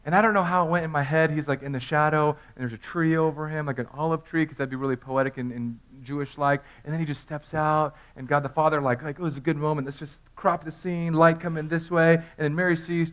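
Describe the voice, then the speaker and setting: A man in his thirties preaching an animated Easter sermon in a church, telling the story with humor and acting out voices. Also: a little high, fast, few pauses, clean tone. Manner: storytelling, acts out characters in funny voices. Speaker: pastor. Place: church sanctuary.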